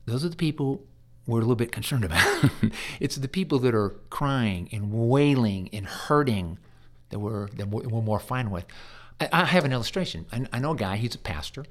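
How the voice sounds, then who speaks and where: This man, a hospice chaplain, shares stories in a conversational interview at a moderate pace. His medium-pitched voice is a bit bright with lively intonation, and he speaks earnestly while frequently stumbling and repeating himself.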